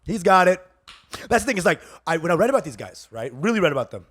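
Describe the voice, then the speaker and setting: A man's voice: high-pitched, big pitch swings, fast, fairly bright tone. A man co-hosting a comedy podcast, talking in casual chat with a brash, joking, emphatic manner.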